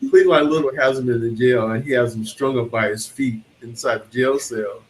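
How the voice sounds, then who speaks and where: A man's voice: medium pitch, normal speed, slight background noise, poor audio. A man co-hosting a casual film chat show, telling stories animatedly and acting out scenes in different voices.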